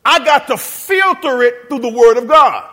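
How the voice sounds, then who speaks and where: A male preacher delivers a sermon in a church sanctuary. His voice sits high and rings bright. He calls for responses, half-sings phrases and climbs to shouts. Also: animated, moderate pace. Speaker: pastor.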